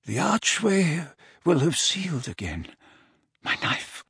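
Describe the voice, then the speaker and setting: A man voicing a frail, elderly male headmaster wizard in an audiobook, speaking faintly with a slurred, slow, halting delivery. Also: a little high, sing-song, fairly bright tone, slightly rough, dry recording, studio quality, voice pushed up, heavily acted. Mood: faint, weary. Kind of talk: audiobook character voice.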